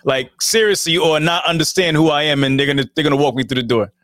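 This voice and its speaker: A man hosting a casual interview, easygoing, with quick affirmations and laughs. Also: on the high side, fairly bright tone, no echo. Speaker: podcast host.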